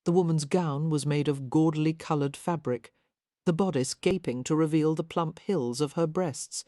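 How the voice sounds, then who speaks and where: Female narrator, measured reading, mellow and low. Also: dry recording, clean studio sound. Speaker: audiobook narrator. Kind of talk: scripted narration.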